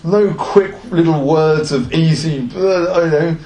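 Earnest male preacher, sermon delivery, slightly high pitch, echoey room. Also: slow, warm tone. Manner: earnest, with rhetorical questions.

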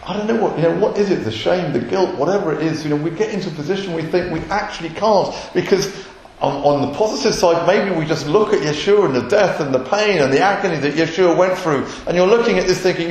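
A man's voice: on the high side, fast. A man, a messianic rabbi, preaching an earnest sermon and acting out short quotes. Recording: roomy echoey hall.

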